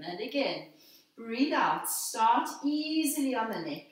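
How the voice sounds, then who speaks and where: An older woman leading a Pilates class, calmly cueing breaths and movements in a gentle, counting manner. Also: on the high side, takes it slowly. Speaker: Pilates instructor. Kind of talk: guided exercise instruction. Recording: very echoey room, voice from a distance.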